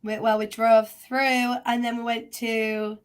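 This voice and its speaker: A Yorkshire woman chats in an easygoing way and breaks into laughter often. Her voice sits high and she talks unhurriedly, taking her time over each phrase. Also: level tone, takes it slowly, smooth. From Yorkshire, England. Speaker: guest psychic medium. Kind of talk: casual chat.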